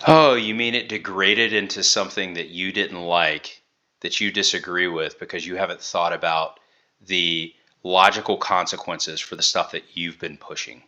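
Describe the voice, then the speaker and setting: A man's voice: low voice, steady tone, normal speed, pushed and bright, dull audio. A man giving sarcastic, critical commentary while reacting to video clips.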